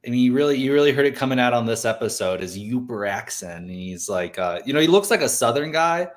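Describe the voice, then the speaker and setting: Man co-host, mid-pitched, rambling and jokey, casual. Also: lively intonation, fast. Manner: rambling, loose and joking. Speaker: podcast co-host. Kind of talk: casual recap chat.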